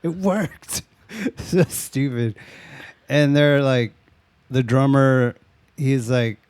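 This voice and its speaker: A man's voice: mid-range voice, steady tone, extremely slow, darkish tone, clear, resonant tone, no room sound. A man in casual chat retelling a movie, laughing often and acting out characters' lines.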